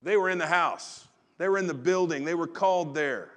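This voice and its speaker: A man preaching a sermon in a relaxed, conversational storytelling way, often restarting his phrases. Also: fairly high pitch, moderate pace. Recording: long reverb of a large hall.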